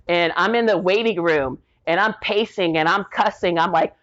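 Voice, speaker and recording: A woman's voice: mid-range voice, normal speed, hardly any pauses, a bit bright, highs cut off. A middle-aged woman guest telling a personal story with strong feeling. She talks casually, full of fillers, and acts out the quoted dialogue. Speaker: podcast guest.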